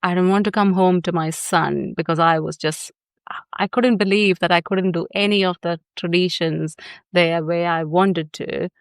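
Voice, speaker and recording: A woman's voice: on the low side, fairly even intonation, moderate pace, no echo, clean studio sound. A woman psychotherapist guesting on a podcast, telling personal stories candidly and laughing often. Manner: warm storytelling, often laughing.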